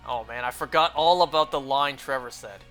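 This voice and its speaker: Bright-voiced young man musing aloud. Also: medium pitch, a little fast, faint music behind. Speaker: streamer. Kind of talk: casual chat while live-streaming.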